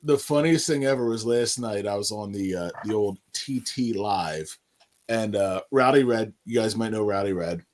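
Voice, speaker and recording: A man's voice: on the low side, moderate pace, darkish tone. A man co-hosting a casual livestream chat, laid-back with dry quips and frequent chuckles. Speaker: co-host of a livestream.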